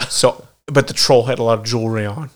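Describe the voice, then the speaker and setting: A man in his thirties, mid-pitched, telling long winding stories on a podcast. He swears freely and laughs at his own tangents as he goes. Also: fairly even intonation, brisk. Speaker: podcast co-host. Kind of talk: casual chat.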